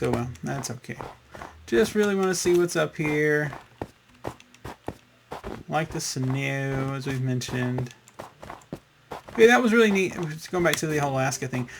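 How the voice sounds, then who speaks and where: Over a noisy background, a gaming channel host with a mid-range, fry-tinged voice gives casual let's-play commentary. He rambles chattily through the game, using fillers and small sound effects.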